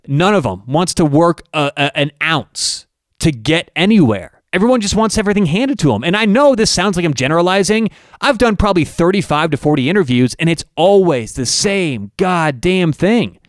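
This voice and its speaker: Animated, emphatic man hosting a podcast. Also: fairly high pitch, normal speed, no room sound, studio quality. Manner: emphatic, ranting with rhetorical questions. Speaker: podcast host and network owner. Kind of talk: opinionated podcast monologue.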